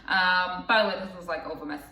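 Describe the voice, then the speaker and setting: A woman's voice: lowish voice, fast talker, bright, forceful tone, roomy sound, recorded from a distance, slight background noise. A young woman telling a personal story to camera in a casual, rambling way, with lots of fillers and asides. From England. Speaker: vlogger.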